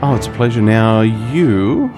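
A man's voice: fairly low pitch, lively intonation, unhurried, over music. Jokey Australian man hosting a podcast. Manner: playful, jokey. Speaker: podcast host. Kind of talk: casual interview chat. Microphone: video call.

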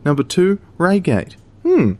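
A man co-hosting a casual chat, reading out tweets in a giggly, animated way. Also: sits high, unhurried. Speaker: podcast co-host.

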